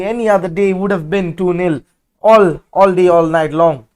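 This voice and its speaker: High-voiced man doing live match commentary. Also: normal speed. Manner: excitable, blunt and outspoken. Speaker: watch-along host.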